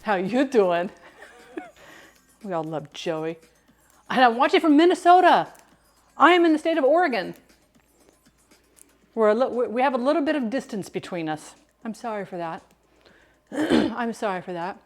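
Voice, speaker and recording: A woman's voice: a little high, lively intonation, moderate pace, pauses often, soft background music. Chatty woman hosting a cooking stream. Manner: chatty, hums and sings along, laughs often. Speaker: cooking livestream host. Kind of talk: casual cooking livestream chat.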